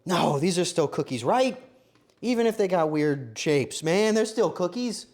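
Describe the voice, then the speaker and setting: A man live-streaming himself baking, joking to his chat and swinging between quiet mutters and loud outbursts. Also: high-pitched, lively intonation, a little slow. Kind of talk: casual live-stream commentary while baking.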